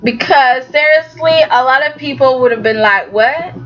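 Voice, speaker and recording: A woman's voice: high-pitched, moderate pace, fairly bright tone. A woman recapping a soap opera in a sassy, chatty vlog, talking straight to the characters. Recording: slightly dull lo-fi recording.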